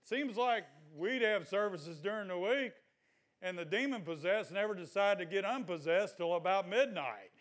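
An older man preaching a sermon in a folksy, exhorting way, at times breaking into loud shouts. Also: sits high, expressive, moderate pace.

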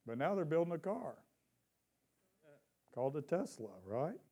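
A male pastor with a fairly high, mellow, husky voice and big pitch swings preaches a church sermon. He calls out questions to his congregation and stretches out lines of scripture emphatically.

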